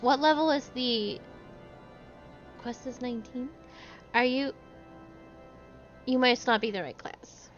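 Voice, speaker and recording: A woman's voice: on the high side, takes it slowly, long pauses, highs cut off, soft background music. A woman streamer chatting wryly and thinking aloud while she plays a game. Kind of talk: casual gameplay commentary.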